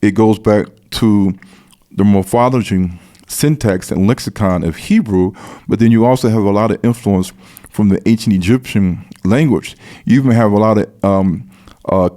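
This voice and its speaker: A man with a low, mellow voice talks through a long explanation in an unhurried, earnest way. He often circles back, repeating and restarting phrases as he builds his case. His warm, soft tone stays steady under the flow of detail. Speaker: guest speaker on biblical history. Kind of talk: explanatory conversation.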